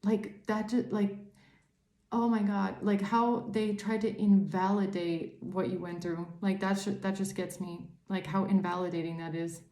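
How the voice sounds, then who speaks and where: A woman tarot reader at a middle pitch, speaking straight to her viewers. She rants hard and swears often, and her tone is mellow and dark. The room around her gives a clear echo. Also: little pitch movement, measured pace. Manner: angry ranting, heavy swearing. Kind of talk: tarot reading to camera.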